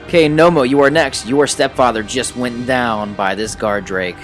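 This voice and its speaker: A man's voice: medium pitch, normal speed, music in the background. A man narrating a tabletop game as game master, casual and profane, often laughing.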